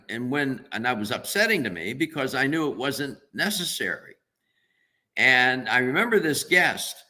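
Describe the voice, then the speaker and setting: Radio guy, nutritionist guest, bright sharp voice, thinks out loud, pretty emphatic. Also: mid-range voice. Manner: earnest, emphatic, thinks aloud. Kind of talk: radio interview answer.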